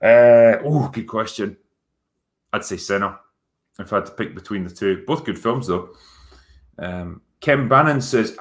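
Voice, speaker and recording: A Scottish man hosting a casual livestream Q&A as a film critic, relaxed and rambling with frequent ums and casual swearing. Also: mid-range voice, normal speed. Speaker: YouTube film critic and host.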